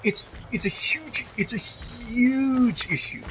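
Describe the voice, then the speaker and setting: A man's voice: very high voice, slow pace, voice pushed up, rough recording. A man doing a bragging politician impression. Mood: boastful. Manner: repetitive bragging superlatives. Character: boastful older male politician impression. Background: loud video game music.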